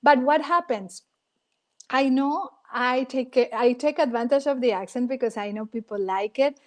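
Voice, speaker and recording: A woman's voice: high-pitched, moderate pace. A middle-aged woman with a Latin American Spanish accent, a native Spanish speaker, talking as a guest in an interview and stressing her points by repeating them. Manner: emphatic, repeats phrases for effect. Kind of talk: casual interview.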